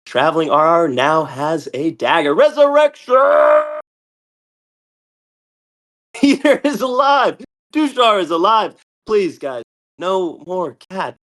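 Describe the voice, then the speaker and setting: A young man hosting a live game stream, calling out the action excitedly and often tripping over his words with quick restarts. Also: a little high. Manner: excitable, shouts and laughs often. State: a bit out of breath. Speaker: host.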